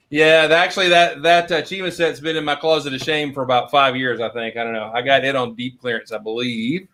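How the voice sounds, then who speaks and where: A man's voice: medium pitch, steady tone, moderate pace, bright, forceful tone. A man hosting a casual video chat who rambles through stories and laughs often. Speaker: host.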